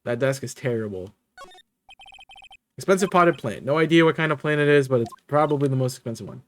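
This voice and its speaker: A streamer reading game dialogue aloud with low, deadpan muttered asides. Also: brisk.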